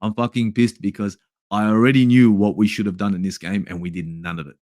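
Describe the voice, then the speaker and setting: He's an Australian fan channel host in a foul-mouthed rage, swinging from shouting to muttering while going over a match and answering the live chat. His tone is steady and fairly quick, captured at studio quality with no echo.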